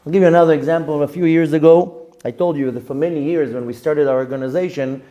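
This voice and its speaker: Man, rabbi giving a weekly Torah class; higher voice, warm dark tone, chatty storyteller. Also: quick pace. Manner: animated storytelling with personal anecdotes and Hebrew phrases. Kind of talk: Torah lesson.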